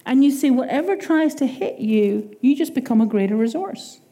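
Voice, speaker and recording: A woman with an Irish accent preaching a sermon in a lively, conversational way, acting out little quoted exchanges. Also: sits high, normal speed.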